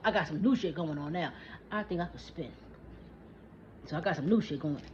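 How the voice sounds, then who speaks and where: A woman's voice: low-pitched, a little fast. Heated, profane woman in her forties. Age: 40s. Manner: profane, heated, talks back to an imagined listener. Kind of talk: casual ranting monologue. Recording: dull lo-fi recording with faint noise.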